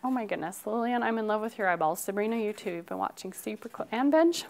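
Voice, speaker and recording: A young woman teaching a phonics lesson to first graders in a classroom, upbeat and encouraging, slowly drawing out words as she models them. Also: medium pitch, expressive, vocal fry, darkish tone, slight background noise. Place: elementary classroom.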